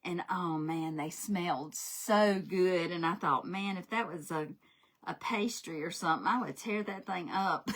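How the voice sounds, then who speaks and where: A woman hosting a craft livestream chats and tells stories while she crafts, laughing often. Her voice is medium-pitched, unhurried, and a bit bright.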